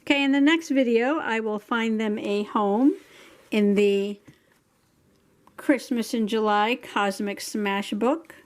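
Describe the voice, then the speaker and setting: A woman's voice: fairly high pitch, slow pace. A middle-aged woman hosting a casual crafting vlog, chatting to herself as she works, sometimes dropping into whispered asides. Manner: chatty, talking to herself while working, some whispered asides. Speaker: crafting channel host. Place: home craft table.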